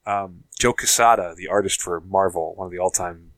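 A man's voice: low voice, steady tone, moderate pace, a bit bright, no room sound, low-quality recording. A man co-hosting a casual podcast chat about TV shows, rambling with lots of fillers and asides. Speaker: podcast co-host.

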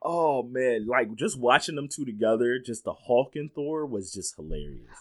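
A man's voice: mid-range voice, normal speed. A man casually chatting about a film, laughing often and acting out scenes as he retells them. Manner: laughs often, animated retelling with quoted lines. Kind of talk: casual movie chat.

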